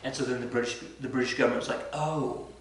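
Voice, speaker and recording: A man's voice: medium pitch, monotone, racing, a bit bright, a little hiss or hum. A male teacher giving a casual, rambling lecture with lots of self-corrections and fillers. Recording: very echoey room, from far off the mic.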